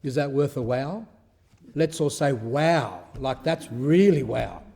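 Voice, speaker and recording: A man's voice: medium pitch, measured pace, vocal fry, warm tone. A man who is an Orthodox priest, giving an informal spiritual talk in a conversational, storytelling way, with rhetorical questions and phrases he often repeats.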